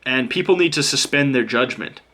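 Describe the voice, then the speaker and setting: A man's voice: mid-range voice, animated, a little fast, bright, forceful tone. A man giving a casual pick-a-card tarot reading. He speaks straight to the viewer in a blunt, joking way, swears freely and drops in mock-sarcastic asides. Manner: talks straight to the viewer as "you". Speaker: tarot reader.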